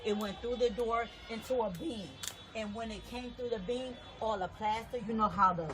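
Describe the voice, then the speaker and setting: A woman with a somewhat high voice talks in a casual, emphatic way outdoors, circling back over the same points again and again. Her delivery is loose and conversational. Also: normal speed. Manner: repetitive, emphatic retelling. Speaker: local resident.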